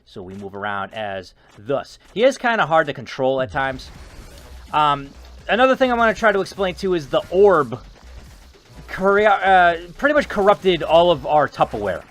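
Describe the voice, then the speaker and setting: A man giving rambling, joking gameplay commentary, excitable and chatty. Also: a little high, moderate pace. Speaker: gaming video host.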